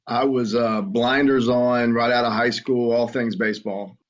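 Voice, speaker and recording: A middle-aged man with a Southern American accent, telling his story as a podcast guest in an earnest, halting way with frequent restarts. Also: medium pitch, steady tone. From Southern United States. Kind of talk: conversational storytelling. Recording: muffled lo-fi audio.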